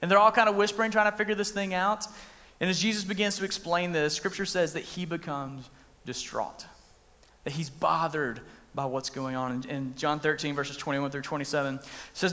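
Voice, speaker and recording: A youth pastor giving a casual, animated sermon and acting out the story as he goes. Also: a little high, moderate pace. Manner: animated, conversational, acts out scenes. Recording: long reverb in a large room.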